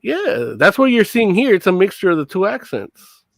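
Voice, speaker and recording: A man's voice: high-pitched, sing-song, normal speed, gravelly, no room sound. A man on a discussion panel, explaining things casually and tagging lines with "you know?". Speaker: podcast panelist.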